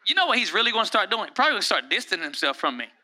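A man preaching a sermon as pastor, lively and conversational, jumping into raised voices to act out the people he quotes. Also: high-pitched, rapid-fire.

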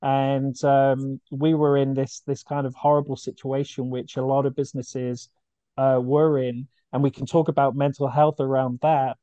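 A man's voice: mid-range voice, little pitch movement, moderate pace, warm tone, smooth, dry recording, lo-fi sound. A man, a charity founder, telling his story earnestly and with feeling in a podcast interview, often restarting his sentences. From United Kingdom.

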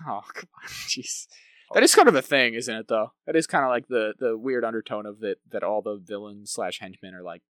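A man's voice: fairly low pitch, animated, brisk, fairly bright tone, no room sound, clean studio sound. A man co-hosting a podcast, chatting casually about films, rambling with lots of "like" and tag questions. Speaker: podcast co-host. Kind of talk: casual film review chat.

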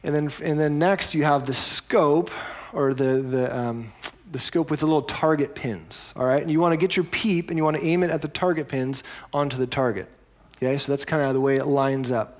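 A man's voice: a little high, fairly even intonation, normal speed. A man preaching a sermon as pastor, telling stories in a conversational way with explanatory asides.

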